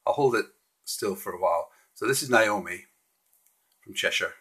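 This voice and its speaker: A man's voice: lowish voice, moderate pace, pushed and bright, breathy edge. A man hosting a casual live stream, walking through slides in a friendly, hesitant way with frequent restarts.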